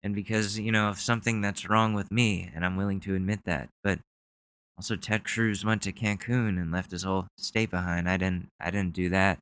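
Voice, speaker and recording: A man's voice: low voice, flat delivery, moderate pace, a bit bright, clear, resonant tone. A man hosting a podcast, chatting casually in a loose, joking and profane way. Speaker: podcast host. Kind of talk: casual chat.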